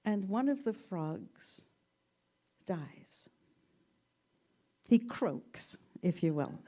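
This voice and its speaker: Woman, minister, sermon, unhurried, warm dark tone, gentle storytelling. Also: medium pitch, animated. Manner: slow, gentle storytelling with playful asides. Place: church sanctuary.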